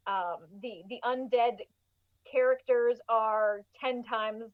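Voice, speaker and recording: A woman's voice: fairly high pitch, steady tone, slow, no echo, phone-quality sound. A woman as a guest on a casual horror movie podcast, giggly and chatty with many fillers. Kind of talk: casual chat.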